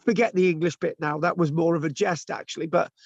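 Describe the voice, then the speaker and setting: Gravelly high-voiced man lecturing. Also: fairly even intonation, fast talker, no room sound. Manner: chatty, keeps checking in with tag questions and restarts. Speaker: lecturer teaching an online class. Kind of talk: informal lecture. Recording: dull lo-fi, dry sound.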